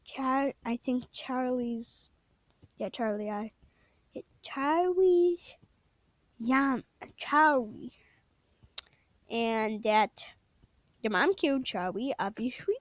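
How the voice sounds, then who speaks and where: A woman's voice: fairly high pitch, animated, slow, pauses often, dry recording. A woman casually retelling a spooky game story, rambling with many fillers and self-corrections, sometimes dropping to a whisper. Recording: dull lo-fi dry recording.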